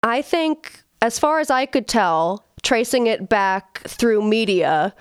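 A woman's voice: a little high, slow pace, clear, resonant tone, no echo, studio quality. Casual podcast woman telling a story. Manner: relaxed, profane, laughing asides. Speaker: podcast co-host.

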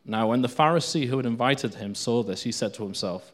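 A man's voice: mid-range voice, fairly quick. A man giving an informal Bible teaching, reading scripture aloud between unscripted remarks full of fillers and restarts.

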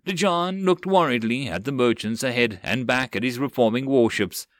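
A man's voice: medium pitch, moderate pace, fairly bright tone, dry recording, studio quality. A man narrating an audiobook of a web novel with dramatic storytelling.

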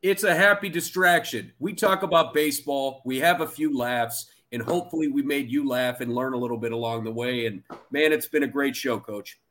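Man, podcast co-host, mid-pitched voice, upbeat, announcer-like delivery. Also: brisk, hardly any pauses, fairly bright tone. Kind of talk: casual podcast chat.

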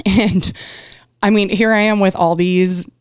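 A woman's voice: mid-range voice, fairly even intonation, slow pace, a little mellow, clear, resonant tone, no echo, studio quality. A woman in her thirties telling a personal story in a casual podcast chat, acting out quotes with laughs and the odd swear. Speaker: guest.

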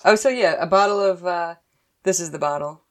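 A woman with a notably low, deep voice talks in a loose, chatty way. She tells lively stories about everyday things and often breaks into laughter. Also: fairly quick. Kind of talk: casual chat.

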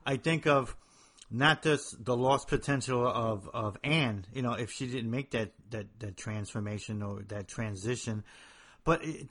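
A man's voice: mid-range voice, a bit bright. A man co-hosting a casual podcast, speaking in an earnest, reflective way. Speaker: podcast co-host.

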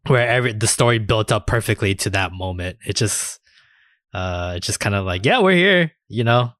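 A man co-hosting a casual podcast chat, animated, often acting out mocking quotes. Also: lowish voice, moderate pace, no echo, clean studio sound. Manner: animated, mock-quotes characters, swears. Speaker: podcast co-host.

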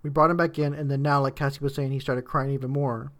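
A man's voice: mid-range voice, little pitch movement, fast talker, a bit bright. A man recounting events in easygoing casual chat.

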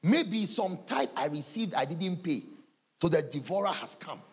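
A man's voice: a little high, expressive, moderate pace, slightly rough. A man with a Ghanaian English accent, preaching as a pastor, acting out church members' excuses and laughing often. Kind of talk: sermon.

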